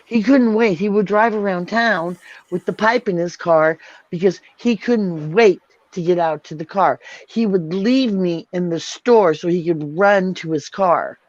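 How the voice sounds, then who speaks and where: A livestream host swears her way through an angry, repetitive rant, her lowish, darkish voice moving a little slowly. She is a woman letting off steam in furious bursts. It's a dry recording with a dull, lo-fi quality.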